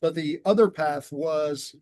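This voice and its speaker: A man telling his story in an earnest, measured way and slowing down on key words, as a guest on a conversational show. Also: on the high side, a little mellow, no room sound. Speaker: guest, transformation coach.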